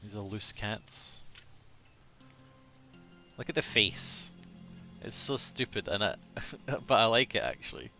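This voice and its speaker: A man's voice: lowish voice, expressive, slow, creaky, long pauses, pushed and bright, faint music behind. A man chatting casually on a live game stream, rambling, self-deprecating and swearing freely, sometimes muttering to himself.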